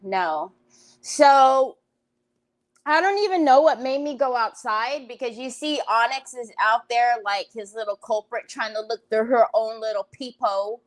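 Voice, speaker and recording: A woman hosting a craft livestream from home, chatting casually with live viewers, greeting them by name and breaking into loud laughs and exclamations. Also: fairly high pitch, unhurried, rough recording.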